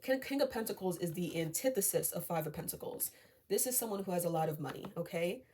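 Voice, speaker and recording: A woman's voice: fairly low pitch, fast talker, husky. A woman reading tarot cards for her viewers in a casual, chatty way, often checking in with "okay?" and reassuring them not to be afraid. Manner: chatty, many fillers, often asks okay?; reassuring and calming. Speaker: tarot reader.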